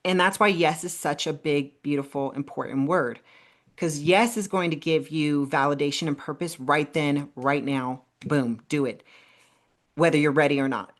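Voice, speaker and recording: A woman's voice: low voice, moderate pace. A woman co-hosting a podcast, talking casually in an emphatic, motivational way. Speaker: podcast co-host. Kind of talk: casual chat.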